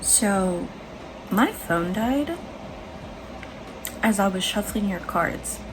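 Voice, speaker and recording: A woman giving a casual, chatty tarot reading, lively and quick to laugh, with some swearing. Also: medium pitch, background noise. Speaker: tarot reader.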